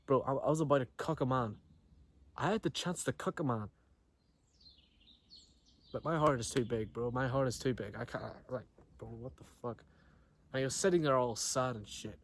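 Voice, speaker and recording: A man's voice: medium pitch, a little hiss or hum. Young man rambling a story, slangy. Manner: slangy, profane, rambling with frequent restarts. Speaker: vlogger. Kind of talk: casual storytelling to camera. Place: outdoors near trees. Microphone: camera he films himself with.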